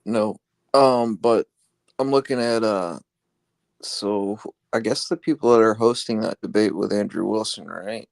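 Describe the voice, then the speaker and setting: A man co-hosting a podcast in casual chat, talking haltingly with many fillers. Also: fairly low pitch, gravelly, no room sound. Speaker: podcast co-host. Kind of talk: casual chat, reading a flyer aloud.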